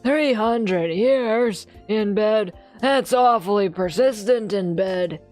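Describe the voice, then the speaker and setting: A woman doing a gravelly old man. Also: medium pitch, slow, darkish tone, soft background music, voice pushed down, close to an everyday voice. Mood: grumbling. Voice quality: graspy, gravelly put-on voice. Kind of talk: voicing game dialogue aloud on a stream.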